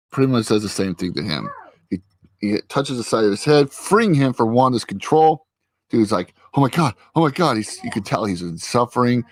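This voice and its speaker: A man's voice: lowish voice, dry recording. A man chatting casually at his computer, rambling through a recap with lots of fillers. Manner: rambling recap with many fillers and acted quotes. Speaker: vlogger recapping a TV episode. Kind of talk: casual chat. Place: at a computer with a friend.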